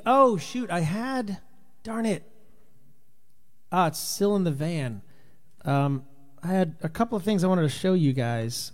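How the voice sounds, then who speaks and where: A man from Rhode Island, USA, a touring Christian musician, chats through a casual livestream, reading comments and rambling as he welcomes viewers by name. His voice, on the high side and a little mellow, is worn out from touring.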